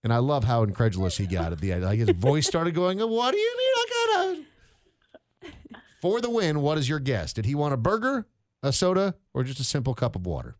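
A male radio host running an on-air quiz. His pitch swings widely as he teases the answers. The studio sound is dry and close to the mic. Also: huge pitch swings, quick pace, a little mellow, dry recording. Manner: upbeat, playful game-show delivery. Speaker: radio morning show host. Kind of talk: hosting an on-air quiz game.

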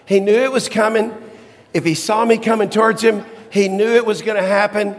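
A middle-aged man preaching a sermon and telling a personal story, shifting from soft low asides to high, excited exclamations. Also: brisk. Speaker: pastor. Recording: long hall reverb.

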